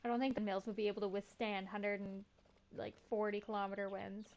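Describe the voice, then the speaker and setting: A woman's voice: medium pitch, little pitch movement, fairly quick, a little mellow, lo-fi sound. A young woman streaming a farming game, chatting in a laid-back, slangy, self-mocking way. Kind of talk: casual gameplay commentary.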